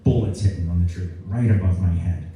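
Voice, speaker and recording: A man imitating a gruff older four-star army general with a loud, commanding delivery, heard from far off in an echoey hall. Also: low-pitched, fairly quick, close to an everyday voice.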